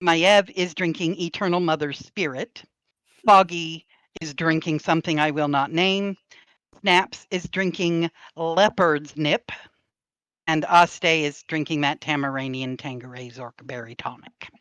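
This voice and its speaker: A woman running a tabletop game, narrating scenes slowly and expressively as game master. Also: low voice, clear, resonant tone, dry recording, highs cut off. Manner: slow, descriptive, expressive narration.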